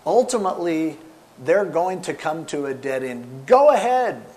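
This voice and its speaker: A man preaching a sermon with animated storytelling, swinging between loud emphasis and soft asides. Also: fairly high pitch, unhurried. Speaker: pastor.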